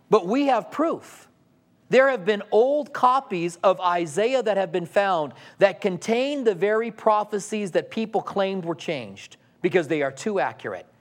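A pastor with a high-pitched voice preaches a sermon conversationally, asking the congregation rhetorical questions and acting out the voices of people he quotes.

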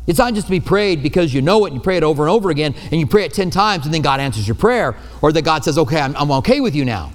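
A man's voice: on the high side, animated, rapid-fire, hardly any pauses. A male pastor giving a sermon from a church pulpit, talking in a conversational way with self-deprecating asides. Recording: long hall reverb.

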